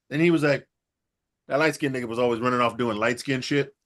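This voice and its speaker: A man co-hosting a casual comedy wrestling talk show, retelling events and acting out the wrestlers' lines with profane, animated delivery. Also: mid-range voice, fast. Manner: animated, acts out quotes in exaggerated voices, profane. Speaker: podcast co-host recapping wrestling.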